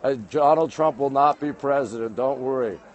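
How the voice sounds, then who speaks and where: A man's voice: mid-range voice, moderate pace. A Canadian man hosting a live phone stream outdoors, greeting viewers and reading their comments aloud in chatty bits. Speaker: livestream host. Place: outdoors on monument steps in a busy city. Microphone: phone held while streaming.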